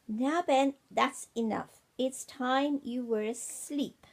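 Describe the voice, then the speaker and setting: A cosy storybook mother bear who is fond of her cub but firm about bedtime, voiced by a grandmother reading aloud. She sits higher than the narration, with a husky, slightly gravelly edge. She speaks slowly and kindly. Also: exaggerated voice.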